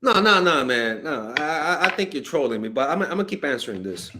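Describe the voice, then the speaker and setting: A man's voice: fairly high pitch, sing-song, fairly quick, background noise. A man giving blunt, exasperated dating advice in a casual monologue, swearing and exclaiming as he answers viewer questions. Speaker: dating coach.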